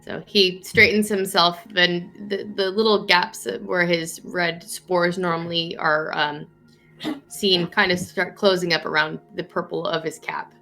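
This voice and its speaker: A woman's voice: on the low side, flat delivery, unhurried, sharp tone, faint music behind. A woman narrating as game master of a tabletop game, storytelling with an easy flow and frequent fillers.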